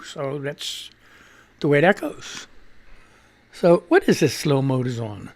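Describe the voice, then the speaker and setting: A man's voice: medium pitch, expressive, unhurried, pauses often. A man in his sixties hosting a live radio stream, chatting casually and profanely and reading viewer tweets. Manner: profane, rambling, laughs at himself. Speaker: radio show host.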